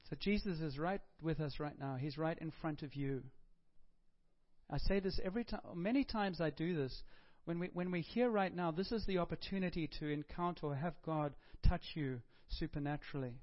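A man's voice: fairly high pitch, a little fast, highs cut off. A man preaching a sermon as pastor, in a conversational style with emphatic rises.

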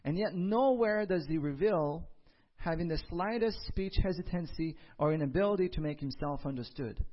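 Animated young man preaching, muffled sound. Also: a little high. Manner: animated storyteller acting out dialogue. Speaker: pastor. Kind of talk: sermon with personal story.

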